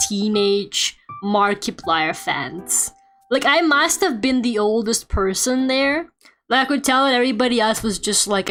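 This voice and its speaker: A young woman chats casually to her viewers while she draws. Her voice sits a little high, and she rambles, jokes and mock-rants with plenty of fillers. Soft music plays faintly behind her. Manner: chatty, lots of fillers, playful rants. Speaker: streamer and artist. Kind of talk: casual chat while drawing on stream. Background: quiet game music playing.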